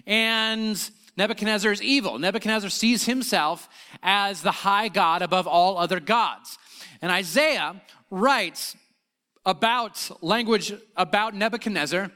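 A man's voice: high-pitched, measured pace, bright, forceful tone. A man teaching a sermon on scripture in a conversational way, with frequent fillers and restarts. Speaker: preacher.

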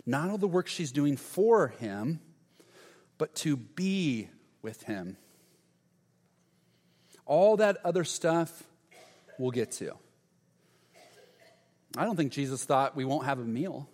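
A man preaching a sermon as pastor, earnest, letting key lines fall soft and low. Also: long reverb tail.

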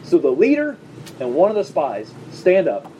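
A male pastor preaching a sermon to his congregation in a church, speaking in a conversational way with quick asides and humor. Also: on the high side, wildly swooping pitch, mellow, distant mic, a little hiss or hum, poor audio. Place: church service before a congregation.

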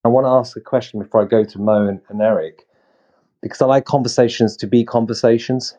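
A man's voice: lowish voice, mellow. A man moderating a panel discussion who asks long, winding questions and lifts his voice for emphasis.

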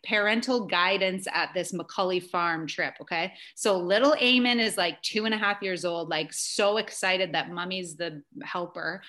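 A woman in her thirties, a podcast guest chatting casually and telling stories in a lively way, with lots of "like" and the odd swear word. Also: on the low side. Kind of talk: casual chat and animated storytelling.

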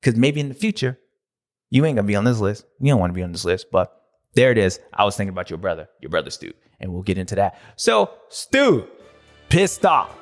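A man hosting a racing recap show in a jokey, slangy, excitable way. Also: lowish voice, brisk. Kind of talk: comedic recap commentary.

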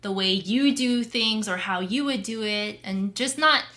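A woman's voice: medium pitch, unhurried, pushed and bright. A young adult woman co-hosting a podcast, candid and open in casual chat. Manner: open, candid, laughs between thoughts. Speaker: podcast co-host.

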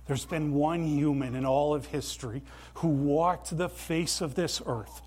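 A man preaching a sermon in a church, earnest and emphatic, with deliberate pauses. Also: fairly high pitch, darkish tone. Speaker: pastor.

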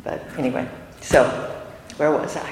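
A woman's voice: normal speed, a little mellow. An older woman giving an earnest, emotional testimony to a gathering of women, with self-deprecating asides. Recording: echoey hall with faint room noise.

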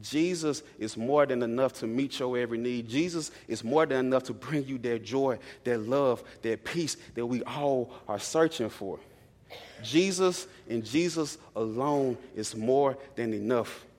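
A young preacher with a darkish, mid-pitched male voice speaks at a measured pace, loosely conversational as he tells stories. He frequently repeats key lines, and his words echo with the long reverb of a large church hall.

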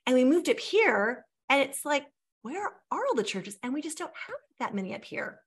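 A woman's voice: high-pitched, sing-song, moderate pace. An American woman co-hosting a casual food podcast, bubbly and enthusiastic, often saying she loves things. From United States. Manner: bubbly, enthusiastic, lots of "like" and "I love that". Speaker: podcast co-host. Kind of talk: casual chat.

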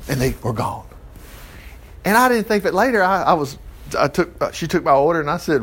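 Guy doing bible study, kinda high voice that jumps all over, folksy and chatty. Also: fast talker. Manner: animated, folksy, chuckling asides. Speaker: Bible teacher. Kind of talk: informal Bible study commentary.

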